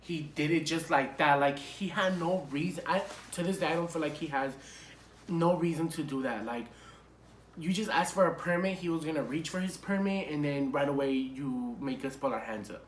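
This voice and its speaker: A young man recounts a story for his vlog in a loose, animated, profane style, full of fillers. His voice sits a little high. The room around him is echoey, with faint hiss behind it. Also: normal speed. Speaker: vlogger.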